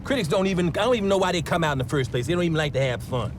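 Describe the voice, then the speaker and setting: An actor playing a brash, boastful man who scoffs at critics, talking with loud, animated swagger in a film scene. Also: on the high side, racing, lightly acted. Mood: scornful. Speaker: film character, a comedian-producer. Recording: film clip with loud street noise.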